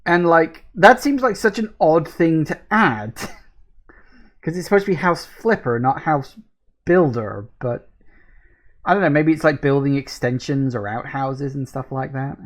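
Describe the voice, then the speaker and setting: A woman hosting a gaming video, giving casual let's-play commentary, easily excited, quick to laugh and swear, and reading game prompts aloud. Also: low-pitched.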